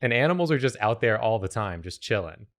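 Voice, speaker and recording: A man chatting casually while drawing, making absurd jokes in a deadpan way. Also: lowish voice, a little fast. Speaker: show host and artist.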